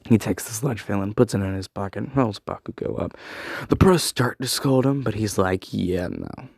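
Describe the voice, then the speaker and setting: A man's voice: fairly low pitch, moderate pace, a little mellow, breathy edge, no room sound. Casual young guy storyteller, loose and profane, very dry close sound. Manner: rambling, swearing, many fillers. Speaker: fan storyteller. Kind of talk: casual spoken fan story.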